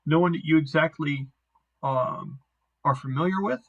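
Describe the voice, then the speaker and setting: Self-deprecating game master, male, slightly higher pitch, online session. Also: normal speed, a bit bright, dull audio. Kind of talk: narrating a tabletop game over a voice call.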